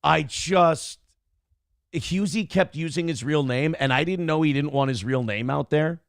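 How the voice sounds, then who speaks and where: A man's voice: a little high, measured pace, creaky, clear, resonant tone, no echo, studio quality. A man hosting a morning talk show, telling stories in a brash, profane, boastful way. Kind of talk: casual talk show rant.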